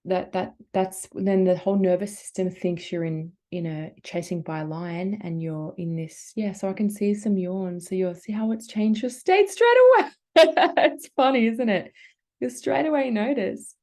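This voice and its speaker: Australian woman, yoga teacher, guided breathing, warm relaxed tone, encouraging. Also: mid-range voice, moderate pace. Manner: gentle, encouraging, casual filler-heavy guidance. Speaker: workshop facilitator and yoga teacher.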